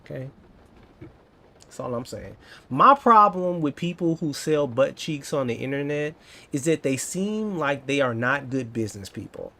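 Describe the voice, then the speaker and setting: Bright, forceful and animated, a medium-pitched man talks at normal speed to his live viewers. He's a coding vlogger in his thirties, casual and jokey, who occasionally breaks into exaggerated dramatic bits.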